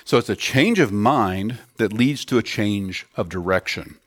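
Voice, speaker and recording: A man's voice: lowish voice, expressive, measured pace, dry recording. A man preaching a sermon to children and adults in an earnest teaching tone, putting questions to the children. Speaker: pastor.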